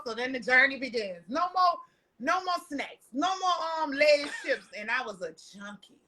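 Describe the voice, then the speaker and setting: A woman tells stories as a podcast guest. Her voice sits high and sounds bright and forceful. She talks loudly and animatedly, swearing freely and breaking into laughter. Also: normal speed. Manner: loud, animated and profane, laughing often. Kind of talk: casual storytelling chat.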